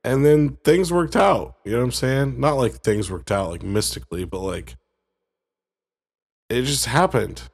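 Gravelly guy rambling thru a story, chill casual chat. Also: medium pitch, a little slow. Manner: rambling storyteller, laid-back and joking. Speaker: podcast co-host.

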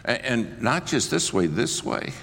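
A man's voice: mid-range voice, sing-song, unhurried, gravelly, fairly bright tone, a little hiss or hum. A male preacher, telling self-mocking, punchy stories in a sermon. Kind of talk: humorous storytelling sermon. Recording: long hall reverb, faint ambience.

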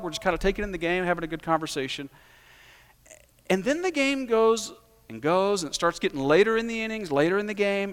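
A pastor preaches to his congregation with a fairly high voice. He tells stories in a conversational way and then builds to emphatic, rising peaks. His voice carries a long reverb from the church sanctuary. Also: a bit bright. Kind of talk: sermon.

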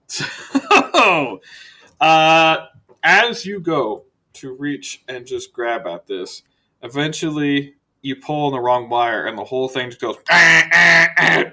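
A man's voice: on the high side, expressive, normal speed, sharp tone. A man narrating as game master of a tabletop game, in an easygoing way with laughs.

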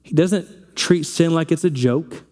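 Man preaching a sermon, warm mellow voice, tells stories and does the lines. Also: fairly high pitch, unhurried. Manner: retells a film scene, acting out the family's lines. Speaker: pastor.

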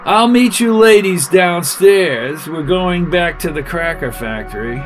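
A man voicing a gruff, blustering inspector. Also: high-pitched, lively intonation, unhurried, faint music behind, pitched above the performer's own voice. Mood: grumbling. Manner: blustering, exasperated. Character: gruff irritable male inspector.

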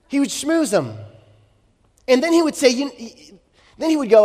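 High-voiced preacher in an echoing hall. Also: male voice, lively intonation, moderate pace, pauses often. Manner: storytelling, rhetorical questions, shifts from loud to hushed. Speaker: pastor. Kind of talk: sermon. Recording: long hall reverb.

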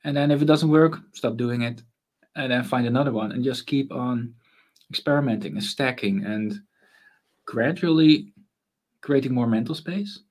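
Relaxed man musing with many fillers. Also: mid-range voice, moderate pace. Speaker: guest, consultant on mental space. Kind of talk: casual interview conversation.

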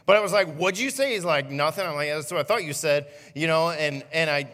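Bright-voiced man preaching in a reverberant hall. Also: fairly high pitch, brisk. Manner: animated storytelling with self-mocking humor. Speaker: student pastor. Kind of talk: sermon with personal stories. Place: church auditorium.

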